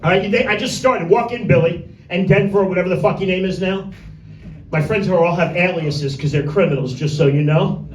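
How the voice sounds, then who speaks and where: Male stand-up comic, high-pitched, crude and rambling, ribs the small crowd; echoey room, mic far off. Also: brisk, a little hiss or hum. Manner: crude, rambling, teases audience members by name. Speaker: stand-up comedian. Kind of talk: stand-up set rehearsal. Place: small room with a tiny audience.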